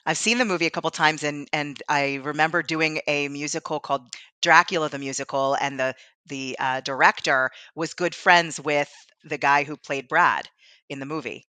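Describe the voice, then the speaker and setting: Bright-voiced, giggly woman co-host. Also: deep voice, fairly even intonation, normal speed, dry recording. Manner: chatty, laughs often while telling stories. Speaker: podcast co-host. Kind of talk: casual chat.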